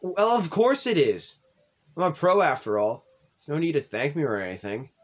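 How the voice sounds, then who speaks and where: A man's voice: on the high side, sing-song, normal speed, pitched above the performer's own voice. A man voicing a small, assertive and defensive teenage girl in a visual novel read-through. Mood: brash. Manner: brash and defensive.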